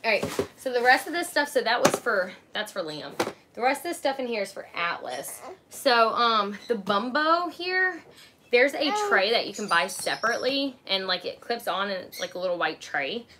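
A woman chats through her haul in a casual live stream, her voice sitting a touch high. She rambles and pads her sentences with fillers. A clear layer of background noise sits under her voice. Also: animated, moderate pace, sharp tone. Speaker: channel host showing purchases.

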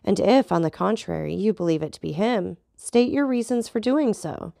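A woman's voice: mid-range voice, normal speed, creaky, dark tone, no room sound, clean studio sound, natural voice. A woman reading as an indignant young nobleman. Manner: urgent, insistent demands. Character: indignant young nobleman, proud and hot-tempered.

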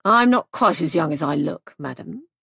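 A woman's voice: lowish voice, lively intonation, normal speed, vocal fry, breathy edge, no room sound, clean studio sound, heavily acted. A woman voicing a cheerful, plain-spoken young police sergeant. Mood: brisk.

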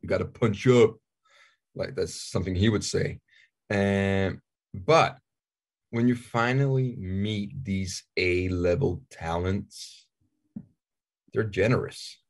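Gravelly Danish-accented man in his forties. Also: sits low, fairly even intonation, takes it slowly, long pauses. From Denmark. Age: 40s. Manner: candid, joking, stammers and repeats himself. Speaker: actor, interview guest. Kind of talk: casual interview chat.

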